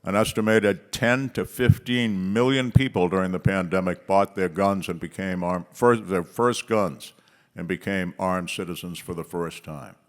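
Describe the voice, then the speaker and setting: Speaking from the stage of a policy conference, a man with a fairly low voice and fairly even intonation tells stories with punchy emphasis. He slows down on key words and pauses between phrases.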